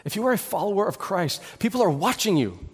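A man's voice: sits high, big pitch swings, fast talker, breathy edge, big-room sound. A man in his thirties or forties preaching a sermon, earnest, building to emphatic peaks with repeated words. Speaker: pastor.

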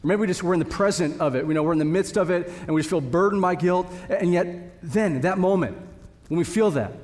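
A man's voice: high-pitched, brisk, a little mellow. A man preaching a sermon to his congregation, earnest and building to emphatic repetition. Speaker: pastor. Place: church sanctuary. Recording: long reverb of a hall.

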